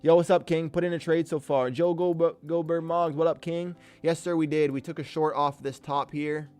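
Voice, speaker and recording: Soft music plays under this man's fairly high but darkish voice, which is smooth and flat, delivered at normal speed with no room sound. Hosting a day-trading livestream, he keeps things casual, slangy and upbeat, hyping viewers and calling them "King."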